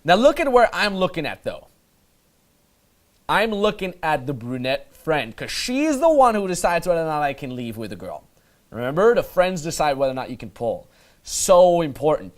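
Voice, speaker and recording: A man's voice: a little high, very animated, moderate pace. A man acting as a dating coach, giving casual, emphatic voice-over commentary on his footage and swearing freely.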